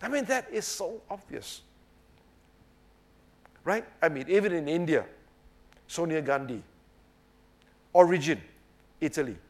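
A man's voice: fairly high pitch, animated, measured pace, long pauses, a little mellow. Emphatic man preaching. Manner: emphatic, rhetorical, keeps asking "right?" and saying "obviously". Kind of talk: sermon.

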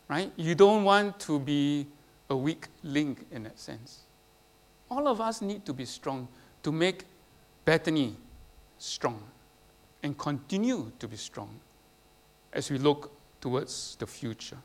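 A man preaching a sermon, putting questions to the congregation and tagging his points with "right?". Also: fairly high pitch. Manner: asks the congregation questions, tags lines with "right?". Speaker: pastor.

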